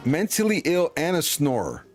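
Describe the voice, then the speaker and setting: A man's voice: on the high side, huge pitch swings, moderate pace, soft background music. A man streaming a video game, commenting in a joking, playful, slangy way. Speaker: gaming streamer.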